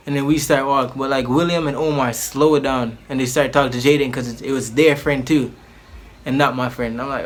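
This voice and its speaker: Man, casual storytime vlog, rambling, slangy, lots of restarts, mid pitch. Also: fast talker. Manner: animated, acts out the people in his story. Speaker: channel host telling a personal story.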